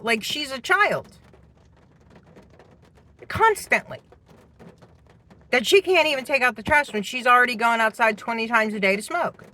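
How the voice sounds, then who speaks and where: A woman's voice: on the high side, pushed and bright. A middle-aged woman venting indignantly as she tells a personal story about her household. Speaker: parent telling a personal story. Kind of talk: personal vlog monologue.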